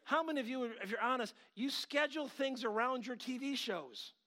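Man, middle-aged, sermon, high voice, animated, loud then hushed, acts out quoted voices. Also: moderate pace. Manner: animated, swinging between loud outbursts and quiet asides. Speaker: preacher.

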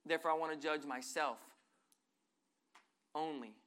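A middle-aged man preaching a sermon as pastor, earnestly reading scripture and moving between loud and soft passages. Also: a little high, steady tone, normal speed.

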